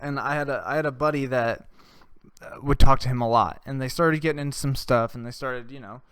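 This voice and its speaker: A man's voice: mid-range voice, steady tone, fairly quick, fairly bright tone, clear, resonant tone, no echo, studio quality. A young adult man hosting a podcast. He tells stories in a loose, casual monologue, swears a lot and laughs at his own tales. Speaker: podcast host.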